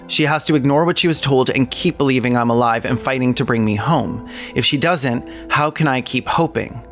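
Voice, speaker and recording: A man's voice: medium pitch, gravelly, a bit bright. A man with a mid-range voice reads a first-person memoir aloud with earnest feeling. Elsewhere he chats loosely on a podcast, rambling and swearing a little. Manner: earnest, emotional reading; rambling, profane chat. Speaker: podcast co-host. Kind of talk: reading a memoir aloud, then casual chat.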